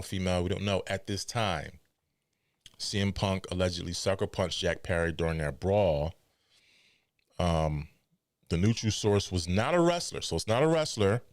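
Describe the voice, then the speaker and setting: A man hosting a wrestling podcast, giving casual, animated news commentary with incredulous asides and mock quotes. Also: low voice, no echo.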